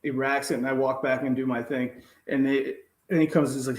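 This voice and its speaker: A man's voice: medium pitch, fairly even intonation, fairly quick, darkish tone. Guy on a podcast telling a gym story, cusses a lot, doing the voices, echoey room. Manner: swears freely, acts out quotes. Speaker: podcast co-host. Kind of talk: casual chat, storytelling.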